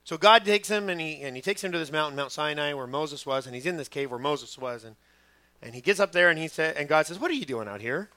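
A middle-aged man preaching a sermon as pastor, telling stories with lively quoted voices. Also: fairly high pitch, fast, clean tone, no echo. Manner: animated storytelling, acting out quoted voices.

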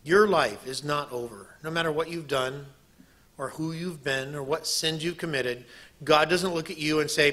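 A man who preaches a sermon, telling a personal story in an animated way and acting out what people said. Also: a little high, normal speed. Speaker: preacher and missionary.

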